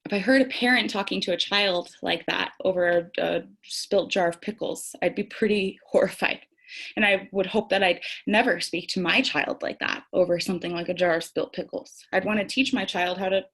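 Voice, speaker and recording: A woman's voice: mid-range voice, breathy edge. A young woman speaking candidly to camera about tarot and self-care, reflective and conversational, laughing at herself now and then. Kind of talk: reflective spiritual talk to camera.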